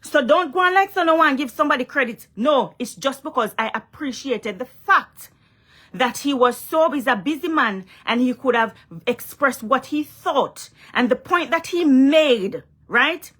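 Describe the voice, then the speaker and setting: A young Jamaican woman vlogging in a loose, emphatic way, circling back to her points and pressing the listener with questions. Her voice sits somewhat high for a woman. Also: expressive, normal speed, fairly bright tone. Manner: emphatic, repeats herself, asks "you understand?". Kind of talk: casual direct-to-camera vlog rant.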